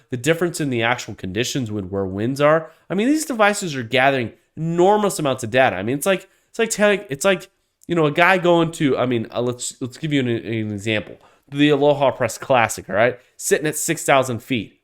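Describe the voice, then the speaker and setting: A male podcast host delivering a solo rant. He talks in a heated, profane way, swearing freely and repeating words as he gets worked up. His voice sits at an ordinary, middle pitch for a man. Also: fairly bright tone.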